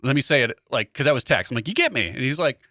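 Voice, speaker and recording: A man's voice: mid-range voice, fast, no room sound, clean studio sound. A man co-hosting a podcast, a comedian telling a story in casual chat, acting out the quotes. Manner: animated, acts out quotes in other voices.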